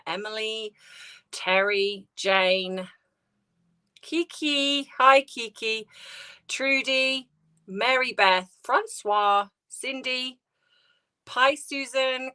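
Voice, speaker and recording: A woman hosting a live stream, grieving and close to tears, talking haltingly and greeting viewers by name. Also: a little high, sharp tone, clean tone. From United Kingdom. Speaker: livestream host. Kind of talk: emotional casual livestream chat.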